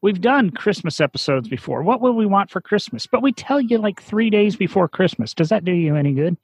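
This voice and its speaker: A man hosting a casual podcast with friends, chatty and prone to quick restarts. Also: high voice, animated, slightly rough, dry recording. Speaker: podcast host. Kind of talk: casual chat.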